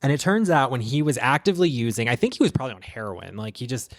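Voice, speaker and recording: A man's voice: medium pitch, lively intonation, fast talker, no echo, studio quality. A man from Baltimore hosting a podcast, recapping reality TV in a gossipy, profane way. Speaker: podcast host. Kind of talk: casual chat. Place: small podcast studio.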